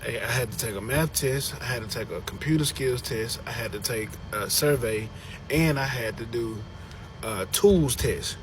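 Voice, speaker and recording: A man's voice: mid-range voice, moderate pace, noisy background. A man telling a comic story about a job interview, exaggerating and swearing for emphasis.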